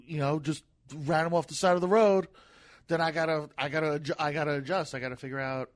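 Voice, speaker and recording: Talking fast in a voice on the high side with fairly even intonation, this podcast guest is a comedian in casual conversation. He sounds gentler than his looks suggest, and he keeps repeating words and starting sentences over.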